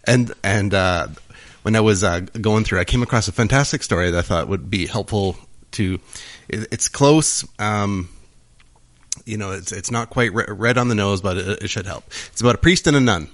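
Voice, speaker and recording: A man's voice: fairly low pitch, dry recording. A man co-hosting a podcast in casual chat, telling a joke with many restarts and laughs. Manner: halting, many restarts, laughs and shouts while telling jokes. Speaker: podcast co-host. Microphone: close studio mic.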